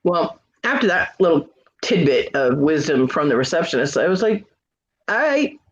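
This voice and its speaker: A woman's voice: sits low, animated, moderate pace. A middle-aged woman telling a funny family story in a casual chat, laughing often and acting out the quoted voices. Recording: dull lo-fi live stream audio.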